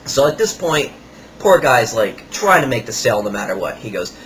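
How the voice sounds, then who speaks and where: A man's voice: medium pitch, sing-song, normal speed, fairly bright tone. A man hosting a podcast, telling a story in a wry, sarcastic way. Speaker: podcast host. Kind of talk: storytelling monologue.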